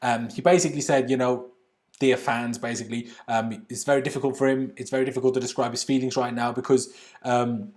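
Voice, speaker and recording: A man's voice: mid-range voice, level tone, a little fast, darkish tone. Chatty Austrian man on a livestream. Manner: chatty, reads viewer comments aloud and answers them; casual British slang, says "bloody" often. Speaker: football channel host. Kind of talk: casual livestream chat. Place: at home.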